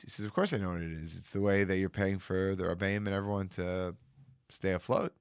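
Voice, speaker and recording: Rabbi man spinning a story, does the voices, lowish pitch, dry studio sound. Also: a little fast, clear, resonant tone, dry recording. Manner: animated storyteller acting out quoted voices. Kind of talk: storytelling talk.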